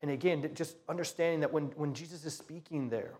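A man with a fairly high, somewhat mellow voice speaks a little quickly. He's a pastor delivering a conversational sermon that includes a prayer and a Bible reading, addressing his listeners as "you guys" and frequently repeating words as he restarts phrases.

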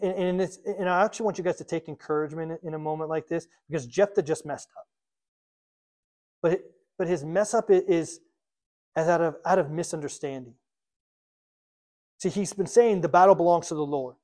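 Guy preaching, pretty high voice, reads the bible then riffs on it, jumps from loud to quiet. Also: normal speed, long pauses. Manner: lively, acts out quotes in a casual modern voice. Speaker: pastor. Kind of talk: sermon reading and explaining scripture.

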